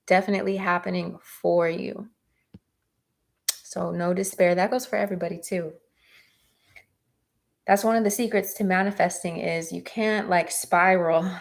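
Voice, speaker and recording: Woman, tarot reader on a live stream, encouraging and chatty, with a voice that has a gravelly edge. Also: mid-range voice.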